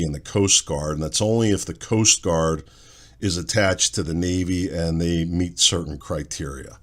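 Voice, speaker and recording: A man hosting a talk podcast, giving a blunt, sarcastic opinion monologue full of rhetorical questions. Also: deep voice. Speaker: podcast talk show host.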